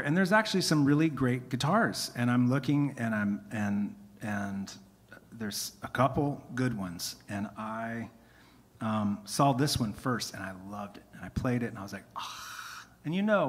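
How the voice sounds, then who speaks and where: A singer-songwriter, his voice tired from singing, tells rambling, self-interrupting stories between songs on a music venue stage. His medium-pitched voice is fairly bright with a breathy edge and moves at normal speed. The live concert stream carries a long hall reverb.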